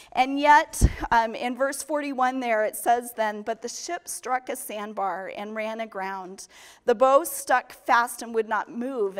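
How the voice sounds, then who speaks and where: A woman pastor preaching a sermon, earnest and emphatic, slowing down to stress key lines. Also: fairly high pitch.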